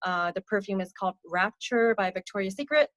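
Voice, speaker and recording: A young woman speaking softly as a podcast guest, recounting her own past with many fillers. Her voice sits at a medium pitch and sinks quietly on the heaviest moments. The sound is dry and close. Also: animated, fairly quick, no echo. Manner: soft-spoken, frequent fillers, drops low on hard parts. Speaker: podcast guest, abuse survivor mentor. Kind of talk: candid personal testimony.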